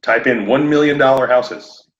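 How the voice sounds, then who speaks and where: A man talking shop as a podcast guest, animated and laughing often as he acts out conversations. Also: mid-range voice, moderate pace, very noisy. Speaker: podcast guest, roofing contractor. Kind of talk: casual podcast chat. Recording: echoey room, dull lo-fi sound.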